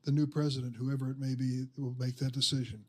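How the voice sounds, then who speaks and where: A man questioning a witness at a formal hearing in a measured, formal way. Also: mid-range voice, flat delivery.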